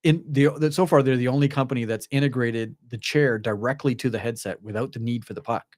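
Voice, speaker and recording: A man co-hosting a VR gaming podcast, chatting casually with lots of excitement and some swearing. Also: mid-range voice, quick pace, no room sound, studio quality. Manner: excitable and effusive, swears freely. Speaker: co-host of a VR gaming show.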